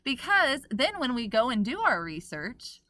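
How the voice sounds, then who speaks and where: A woman's voice: fairly high pitch, very animated, measured pace, bright, forceful tone, no room sound. A woman co-hosting a podcast in casual chat, earnestly explaining her point and laughing along. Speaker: podcast co-host.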